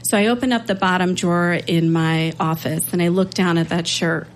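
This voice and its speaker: A woman telling a personal story on stage, earnest and unhurried, with emotion in her voice. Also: fairly low pitch, steady tone, a little hiss or hum, low-quality recording. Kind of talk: live storytelling.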